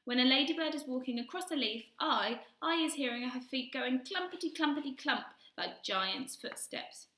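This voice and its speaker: A woman's voice: high-pitched, lively intonation, normal speed, few pauses, bright, forceful tone, roomy sound, voice pushed up. A woman voicing a kindly male giant who mangles his grammar and invents words, reading a storybook aloud. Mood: earnest, boastful. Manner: jumbled grammar, twisty made-up words. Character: kindly big-eared male giant, gentle, earnest.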